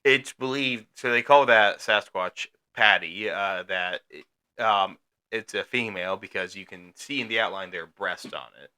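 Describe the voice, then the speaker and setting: A man's voice: fairly low pitch, measured pace, bright, forceful tone, smooth. A man co-hosting a podcast in casual chat, rambling with many fillers and restarts. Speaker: podcast co-host.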